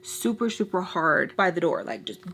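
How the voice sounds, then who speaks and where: A woman's voice: on the low side, moderate pace, creaky, a little hiss or hum. Chatty young woman telling a storytime. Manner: chatty, animated, frequent "like" and "y'all". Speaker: vlogger telling a storytime while doing makeup. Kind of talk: casual storytelling.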